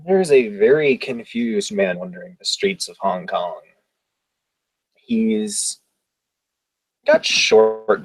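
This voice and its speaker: A man with a low voice describes his tabletop character in loose, rambling sentences, often correcting himself mid-phrase. The sound is dry and close. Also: no room sound, low-quality recording. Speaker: player.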